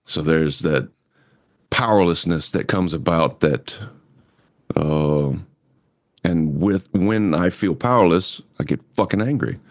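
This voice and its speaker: Very deep-voiced man, candid podcast talk. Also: takes it slowly, dry recording, studio quality. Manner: candid, swears, speaks of personal hurt. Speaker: podcast host. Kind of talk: casual podcast conversation.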